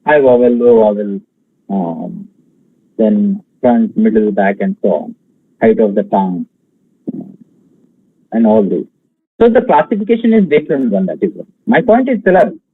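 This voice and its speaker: A man from India giving an online exam-prep lecture, talking slowly with many fillers and pausing to count out syllables and stresses. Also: lowish voice, animated, husky, narrow, tinny audio. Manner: slow, halting delivery with many fillers, counting out feet and stresses.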